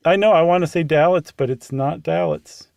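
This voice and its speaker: A man co-hosting a podcast in casual chat, animated and laughing often. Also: fairly high pitch, a little fast, dry recording, studio quality. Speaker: podcast co-host.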